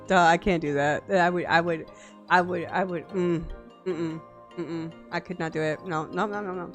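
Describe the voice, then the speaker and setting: A woman's voice: on the low side, fairly even intonation, moderate pace, faint music behind. A woman streamer chatting casually and playfully with her chat, giggly and gushing, from a home streaming setup on a desk mic.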